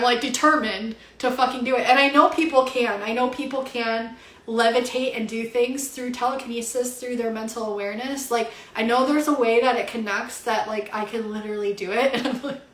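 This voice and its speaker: A young woman, a spiritual reader, chatting casually at home on a livestream, animated and swearing freely with lots of fillers. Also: a little high, a little fast. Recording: roomy echo.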